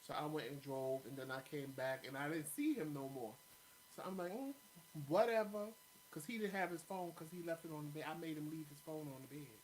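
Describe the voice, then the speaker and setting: A man's voice: fairly high pitch, a little fast, slight background noise, poor audio. A man co-hosting a show, telling a story in a casual, blunt and profane way. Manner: blunt, profane, animated retelling. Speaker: co-host.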